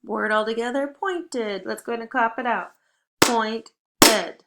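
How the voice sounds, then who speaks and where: A young woman teacher leading a phonics lesson for young children, upbeat and encouraging, with clear drilled prompts. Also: a little high, fairly quick, a bit bright.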